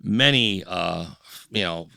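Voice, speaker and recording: Middle-aged male guest, low gravelly voice, sharp bright tone, dry studio mic, acts out voices as he tells his story. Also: slow pace, no room sound. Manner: animated storyteller who acts out quoted voices. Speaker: podcast guest, musician. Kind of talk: candid storytelling interview. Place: podcast studio. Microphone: studio microphone.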